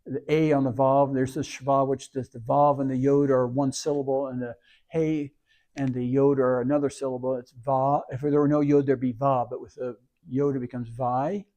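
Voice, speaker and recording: A man's voice: mid-range voice, level tone, moderate pace, warm tone. A man leading a service, reading scripture and patiently walking through Hebrew words letter by letter. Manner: patient, spells out words sound by sound. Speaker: service leader and teacher.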